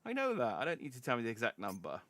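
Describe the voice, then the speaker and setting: A man's voice: medium pitch, huge pitch swings, racing, a bit bright, dry recording. A man voicing a grumpy, sarcastic young woman journalist in close to his own voice, sounding irritated.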